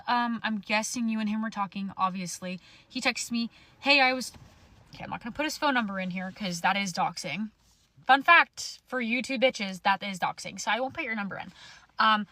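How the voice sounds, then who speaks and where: A woman's voice: on the high side, sharp tone, dry recording. A young woman telling a storytime to her phone camera in an angry rant, swearing bluntly. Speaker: social media storyteller.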